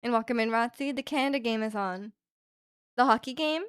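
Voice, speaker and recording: Young woman, livestreamer, casual rambling chat, fairly high pitch, dry sound. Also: a little fast, fairly bright tone, smooth, dry recording. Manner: rambling, chatty, with frequent fillers and light laughs. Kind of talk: casual chat reading out viewer comments. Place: at home.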